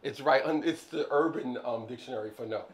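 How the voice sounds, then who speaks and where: A man's voice: fairly quick, crowd noise. A man talking casually about his business, rambling and playful, with lots of "like, I don't know" and sudden jumps when he jokes. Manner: animated, jumps high when joking. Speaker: business owner, co-host. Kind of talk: casual chat.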